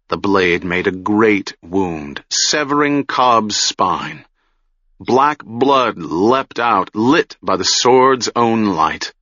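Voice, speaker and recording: A man reading a fantasy novel aloud in measured, dramatic audiobook narration, in a dull, muffled recording. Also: on the low side, sharp tone, no echo.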